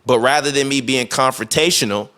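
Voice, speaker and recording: A man's voice: medium pitch, a little fast. A man chatting casually on a talk show, telling a story with lots of fillers and restarts and acting out what people said. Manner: animated storytelling, acting out quoted voices. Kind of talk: casual chat.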